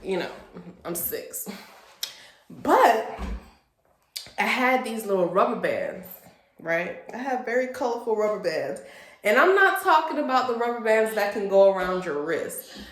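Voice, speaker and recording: A woman in her late twenties from a Haitian family, telling a personal story in an animated, expressive storytime vlog. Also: medium pitch, a little slow, pauses often. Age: late 20s. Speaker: vlogger. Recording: roomy echo.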